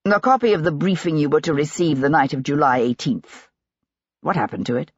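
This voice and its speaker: A woman's voice: deep voice, a little fast, breathy edge, dry recording, pitched below the performer's own voice. A woman voicing a stern, determined male investigator who asks terse, probing questions, in a dull, dry recording.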